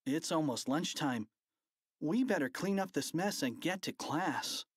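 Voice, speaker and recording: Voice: mid-range voice, lively intonation, unhurried, breathy edge, no echo, clean studio sound, voice pushed up. An audiobook reader voicing a mischievous young schoolboy prankster, eager and bossy. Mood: alarmed. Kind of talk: audiobook character voice.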